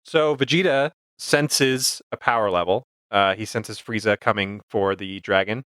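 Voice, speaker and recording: A man's voice: lowish voice, unhurried, a bit bright, no room sound. A man co-hosting a casual podcast, retelling scenes in an easygoing, plain way with short agreeing replies. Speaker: podcast co-host.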